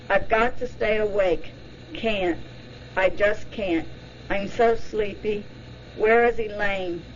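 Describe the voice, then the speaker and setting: A woman's voice: mid-range voice, lo-fi sound, slight background noise, lightly acted. A woman voicing a terrified woman reliving a night drive, pleading and frantic.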